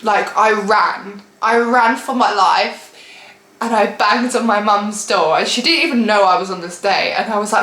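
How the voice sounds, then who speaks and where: A young woman telling a storytime vlog story in an animated, exasperated way and laughing often. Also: medium pitch, moderate pace, echoey room, rough recording. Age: young adult. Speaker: vlogger.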